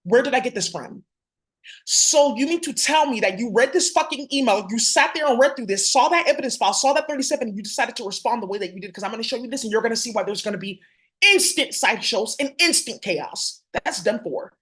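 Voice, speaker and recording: A woman's voice: fairly high pitch, lively intonation, fast talker, a bit bright. A woman vlogging straight to camera in a heated, profane, confrontational rant.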